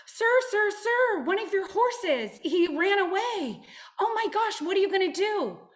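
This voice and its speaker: A woman voicing a group of panicked male farm workers who shout in shrill, breathless bursts. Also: fairly even intonation, moderate pace. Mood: frantic.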